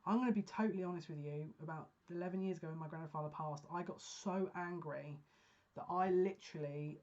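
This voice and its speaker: Female psychic reader, heartfelt halting delivery, lowish voice, muffled lo-fi audio. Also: a little mellow. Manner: earnest, emotional, halting restarts. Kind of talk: pick-a-card reading monologue. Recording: dull lo-fi sound.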